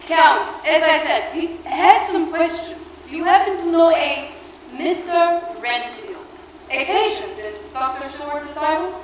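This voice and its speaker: A stern, learned vampire-hunting doctor, played by a young woman on a school stage speaks in a grave, measured, authoritative way. The voice sits high. It is heard from a distance in an echoey hall over steady noise. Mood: probing.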